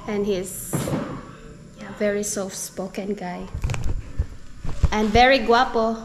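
A woman's voice: medium pitch, steady tone, slow, a little hiss or hum. A woman chatting casually to her viewers in a family vlog, laughing often between phrases. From Philippines. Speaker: family vlogger. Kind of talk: casual vlog chat to camera.

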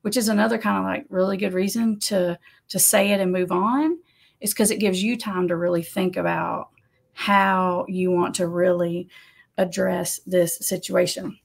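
A woman who works as an addiction counselor, giving casual advice to camera in a conversational, animated way. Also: lowish voice, moderate pace, creaky. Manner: conversational, animated, laughs often, acts out quotes.

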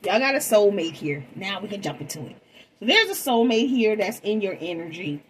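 Woman tarot reader, casual and chatty with her audience, mid-pitched, light background hiss. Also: lively intonation, fairly quick, low-quality recording. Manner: chatty, calls viewers "babies" and "y'all". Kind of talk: casual tarot reading vlog.

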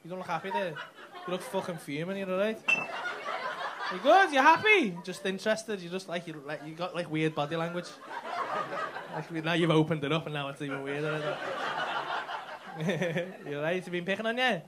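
On a comedy club stage, a male stand-up comedian does crowd work, teasing and mocking the audience with plenty of swearing. His high-sitting voice is expressive and a little fast, with long pauses, and the live recording is very noisy with audience laughter.

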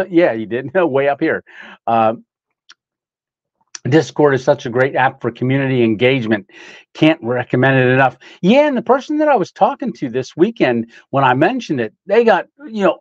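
A man's voice: medium pitch, a little mellow, dry recording. Male livestream host, chatty and easygoing, dry, slightly dull lo-fi sound. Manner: chatty, laughs often, greets viewers by name. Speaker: livestream host reading chat. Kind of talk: casual live chat.

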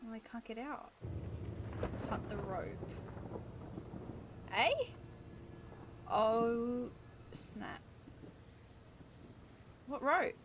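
A young woman streaming a horror game, reacting excitably, swearing, shrieking and laughing nervously. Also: on the high side, drawn-out words, long pauses. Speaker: gaming streamer. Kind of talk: reactive gameplay commentary. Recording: noisy home recording.

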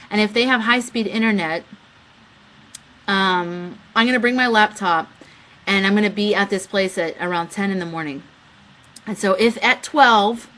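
A young woman hosting her own live webcam show chats loosely with her viewers in a casual live stream. Her voice is medium-pitched and a bit bright; she giggles often, reads chat messages aloud, and slips into quick quoted voices when retelling a story.

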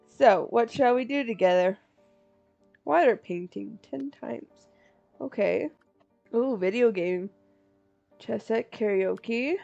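Gamer woman thinking aloud, slow and dry-sounding; muffled mic, faint music behind. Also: fairly high pitch, gravelly, mellow, no echo. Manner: chatty, thinks aloud over choices. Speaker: gamer playing a life sim. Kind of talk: casual gameplay commentary. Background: faint game music.

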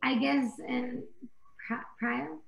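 A woman's voice: high-pitched, steady tone, takes it slowly, vocal fry. A young woman, a pop singer, chatting and giggling as a guest in a radio interview. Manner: giggly, bubbly. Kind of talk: casual radio interview chat. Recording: roomy echo.

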